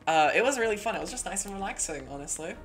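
A woman hosting a live stream in casual chat, rambling, excitable, swearing and laughing often. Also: mid-range voice, rapid-fire, soft background music. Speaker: streamer host.

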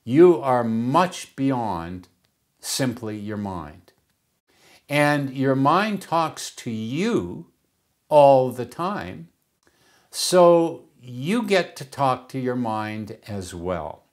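This is a man giving a reflective teaching talk about the mind. He speaks at an easy, slow pace in a mid-range voice. He often circles back over his own words as he feels his way toward the next idea. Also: mid-range voice, big pitch swings. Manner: unhurried, repeats words while searching for phrasing.

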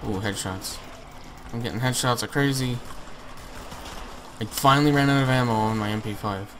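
A man's voice: mid-range voice, normal speed, fairly bright tone, slight background noise, rough recording. A man chatting, teasing and laughing while playing a game with a friend. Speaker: gamer co-host. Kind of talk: casual gaming chat.

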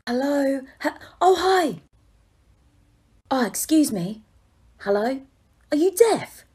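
A woman performing a comedy parody sketch, switching quickly between exaggerated characters. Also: high-pitched, very animated, dark tone. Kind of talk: parody sketch acting many roles.

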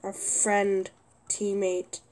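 A young woman commenting on her own gameplay, often exasperated and yelling at a teammate. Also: medium pitch, completely flat delivery, extremely slow, background noise. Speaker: gaming youtuber.

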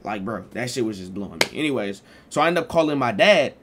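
A man's voice: mid-range voice, expressive, fast talker, background noise. A young man casually telling a storytime vlog in loose, slangy talk with lots of fillers. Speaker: streamer and vlogger.

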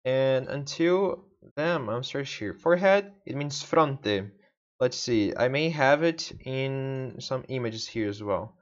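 A man's voice: mid-range voice, lively intonation, takes it slowly, highs cut off. A man whose first language is Portuguese, thinking aloud as he studies, muttering to himself and repeating words over and over. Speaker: language learner. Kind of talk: thinking-aloud self-study vlog.

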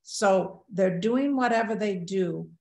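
Older woman, mid pitch, first-person storyteller who acts out her own thoughts, roomy sound. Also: slow, vocal fry, mellow. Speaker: near-death experience speaker. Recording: roomy echo.

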